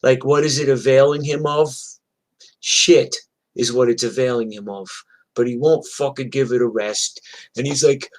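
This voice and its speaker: New york guy telling crazy street stories, lots of swearing, acts out the fights, medium pitch. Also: moderate pace. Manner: profane, animated street storytelling. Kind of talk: casual storytelling. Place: streamed from home.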